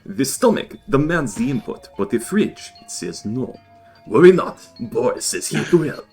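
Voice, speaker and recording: A man's voice: medium pitch, big pitch swings, normal speed, a little mellow, slightly rough, faint music behind, voice pushed up. A man playing a boastful fellow called Boris in a comedic Russian accent, dropping his articles during a tabletop game. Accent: Russian, put on. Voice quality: hammy, broken grammar.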